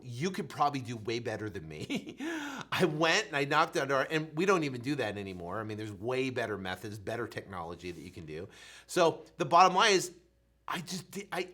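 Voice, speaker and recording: A real estate coach in his thirties tells his story in an animated, motivational way, swinging between loud and soft and acting out his own stammering. His voice sits in the mid range.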